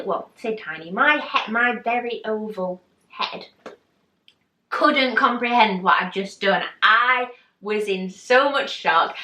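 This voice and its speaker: A woman telling a story to camera in a casual, animated way, acting out what people said. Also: medium pitch, takes it slowly. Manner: animated, chatty, acts out quotes. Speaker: vlogger. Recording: echoey room, mic at a distance.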